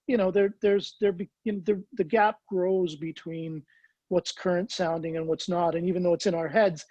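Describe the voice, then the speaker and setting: A man's voice: sits high, fairly even intonation, moderate pace, warm tone, no room sound, highs cut off. A man with a Canadian accent tinged with American, a songwriter guest talking casually and restarting his sentences often. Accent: Canadian blended with American. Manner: rambling with frequent restarts. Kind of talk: casual interview chat.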